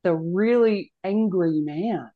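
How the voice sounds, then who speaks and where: A woman's voice: lowish voice, slow pace, narrow, tinny audio. A woman counselor speaking as a podcast guest, explaining in an earnest, teacherly way and often asking rhetorical questions.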